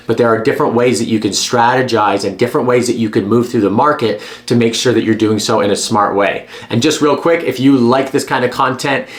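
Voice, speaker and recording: This is a man with a medium-pitched voice, speaking straight to camera. His delivery is blunt and emphatic, with a persuasive push behind each point. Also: steady tone, brisk, few pauses. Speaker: real estate agent. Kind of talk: direct-to-camera advice vlog.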